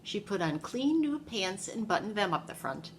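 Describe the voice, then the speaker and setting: A woman's voice: medium pitch, moderate pace, a little hiss or hum. A woman, a preschool teacher, reading a picture book aloud to young children in a classroom and asking them questions along the way. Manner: animated storytelling, asks the children questions.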